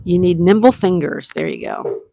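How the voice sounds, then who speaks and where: A woman runs a casual online quiz, calling out players' names and scores in a friendly, easygoing way. She reads each question twice at a measured pace. The sound is dry and close, with no room around her. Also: fairly low pitch, huge pitch swings, gravelly, dark tone, no echo, low-quality recording. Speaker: trivia game host. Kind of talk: casual live-stream quiz hosting.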